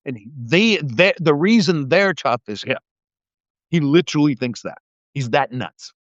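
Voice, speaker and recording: An older man rants angrily about politics on a livestream, profane and mocking, stammering into restarts as he gets heated. His voice is a little high, animated, and unhurried. The audio is dull, dry, and lo-fi, with no room sound.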